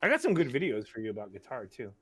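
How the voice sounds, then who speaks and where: A man's voice: mid-range voice, huge pitch swings, rapid-fire, a bit bright, husky, dry recording. A young man as a podcast guest, chatting in a laid-back, loose way with casual swearing. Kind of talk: casual chat.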